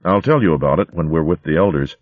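A man voicing a strong, kindly warrior mouse who speaks gently and reassuringly. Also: a bass voice, expressive, quick pace, no echo, narrow, tinny audio.

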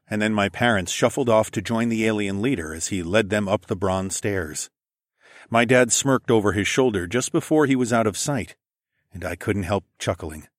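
A man's voice: on the low side, no room sound, clean studio sound. A man reading a first-person story aloud in a casual, wry tone. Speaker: narrator.

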